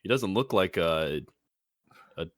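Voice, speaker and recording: Male player, low lively voice, dry sound, halting delivery. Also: no room sound. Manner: halting, stumbling over words. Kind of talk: casual tabletop role-play.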